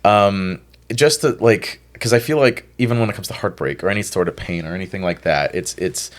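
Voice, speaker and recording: Male life coach, very low voice, laid-back and reflective, conversational podcast guest. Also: fairly quick. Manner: relaxed, reflective, uses filler "like" often. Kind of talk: casual podcast advice.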